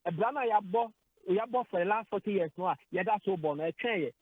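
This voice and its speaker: A high-pitched man talks quickly about sports on the radio, his Ghanaian accent clear as he mixes Twi and English. Emotion makes him hesitate and repeat words. Recorded in a radio studio, the audio is narrow and tinny.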